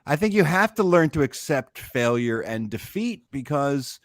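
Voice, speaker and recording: A middle-aged man chatting as a guest, talking about his daughter in a measured, reflective way. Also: fairly high pitch, very animated, no room sound. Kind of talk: casual chat.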